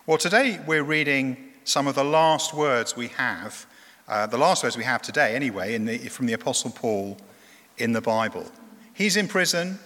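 A man delivers a sermon with an earnest, emphatic manner, sometimes stumbling and restarting a phrase before pressing his point. His voice is bright and forward. The sound carries a long, roomy reverb, as if picked up in a large church hall. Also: medium pitch, animated, normal speed. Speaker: preacher.

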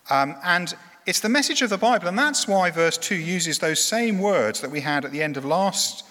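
A man's voice: on the high side, sharp tone. A man preaching a sermon in an earnest, emphatic way, now and then restarting a phrase. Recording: echoey hall with long reverb.

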